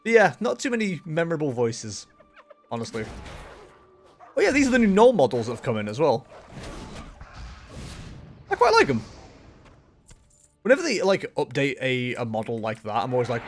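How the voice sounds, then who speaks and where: A man's voice: mid-range voice, huge pitch swings, normal speed, long pauses, faint music behind. A man chatting casually as he streams a game, rambling along with frequent fillers and self-corrections. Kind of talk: casual gameplay commentary.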